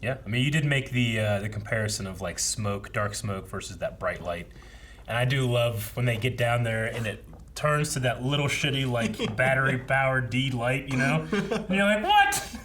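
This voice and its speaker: A young man talks casually as co-host of a reaction show, working through his thoughts with frequent fillers and restarts. His voice sits at a middle pitch. A faint noise floor hangs behind him. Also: normal speed, fairly bright tone. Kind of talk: casual discussion.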